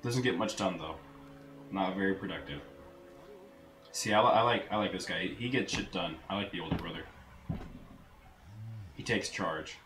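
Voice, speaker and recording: A let's play gamer with a lowish voice commentates a video game casually, crude and full of swearing, with sudden loud outbursts. He talks at normal speed but pauses often. The recording is roomy and echoey, with faint noise underneath.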